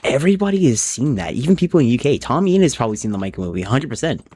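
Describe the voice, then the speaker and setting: A man's voice: medium pitch, big pitch swings, very fast, a little mellow, husky. A young man chatting casually on a live stream while he plays a game, thinking aloud and rambling from one thought to the next.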